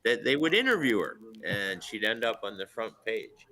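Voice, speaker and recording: A man, a historian and radio guest, telling stories with enthusiastic, animated emphasis. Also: fairly low pitch, moderate pace. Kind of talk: phone-in radio commentary.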